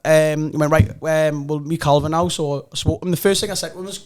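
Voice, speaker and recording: A young man with a Geordie accent, telling a story on a podcast in a casual, animated way, swearing often and acting out other people's lines. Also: a little high, quick pace. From North East England.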